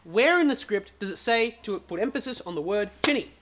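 A skeptical, grumbling actor, played by a man keeps questioning in a doubtful way. His pitch swings up and down with animation. It comes from a mockumentary comedy. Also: animated, a little fast, fairly bright tone.

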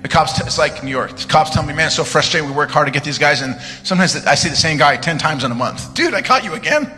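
A man preaching a live church sermon, telling stories with joking asides and sudden shouted commands. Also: a little high, steady tone, fast. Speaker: guest preacher. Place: church sanctuary. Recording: live church sermon, reverberant hall, music underneath.

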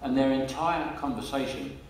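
A man's voice: mid-range voice, sing-song, moderate pace, a little hiss or hum. An older man with a Cockney accent, telling stories as an interview guest. He talks in a chatty way, laughs often and repeats words as he restarts. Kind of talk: casual anecdotal interview. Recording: echoey room, mic at a distance.

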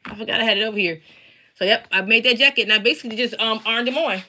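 Bright-voiced chatty woman crafter. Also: fairly high pitch, rapid-fire. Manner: chatty, talks straight to viewers. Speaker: craft seller and teacher. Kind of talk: casual live-stream chat. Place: home basement.

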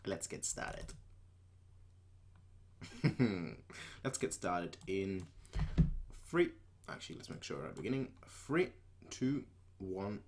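A man's voice: low voice, sing-song, takes it slowly, pauses often, noisy background. A man hosting an anime reaction video, talking casually with a playful, jokey manner. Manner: playful, chatty, jokey asides.

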